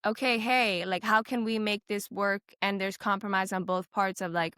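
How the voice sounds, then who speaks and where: Bright, clear young woman, teary voice. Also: mid-range voice, normal speed, dry recording, studio quality. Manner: tearful, animated, many "like" fillers, acts out quoted doctors. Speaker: guest, heart patient. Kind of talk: emotional conversational interview.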